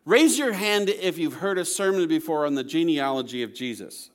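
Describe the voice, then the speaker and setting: Male pastor, sermon to a congregation, slightly high voice, chatty and joking. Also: expressive, moderate pace. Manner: conversational, with asides and checks of "okay?"; playful humor.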